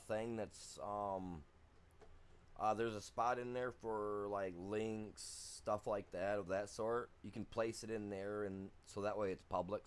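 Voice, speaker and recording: Really deep voiced guy streaming a farm game, rambly chatty, keeps saying you know. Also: clear, resonant tone. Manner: rambling, talks to chat, lots of "you know". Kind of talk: casual gaming livestream chat.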